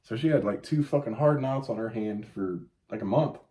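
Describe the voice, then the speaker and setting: Profane, animated man in his late thirties. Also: fairly low pitch, moderate pace. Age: 30s. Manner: profane, animated storytelling with yelped quotes. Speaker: podcast host. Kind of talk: casual chat.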